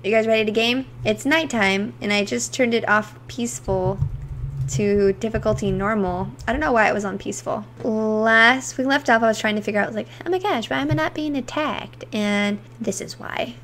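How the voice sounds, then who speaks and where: A woman streaming a video game, chatting to viewers and squealing with excitement during the action. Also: fairly high pitch, normal speed, a little hiss or hum. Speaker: gaming streamer. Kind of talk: casual game commentary.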